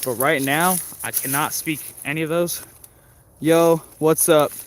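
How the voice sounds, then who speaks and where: A man's voice: fairly high pitch, fairly even intonation, a little slow. A man chatting casually on a livestream as he walks through woods by a creek, rambling with many fillers and restarts. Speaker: livestream host. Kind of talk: casual livestream chat while walking. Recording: faint outdoor background noise.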